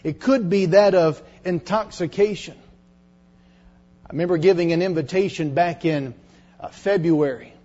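A middle-aged male preacher giving a dramatic sermon to teenagers, dropping to hushed tones when he retells confessions. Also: high voice, moderate pace. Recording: dull lo-fi sermon recording.

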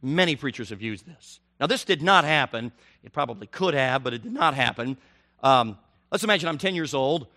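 Bright-voiced animated male preacher. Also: medium pitch, brisk. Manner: animated, rising to shouts on emphatic questions. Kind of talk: sermon.

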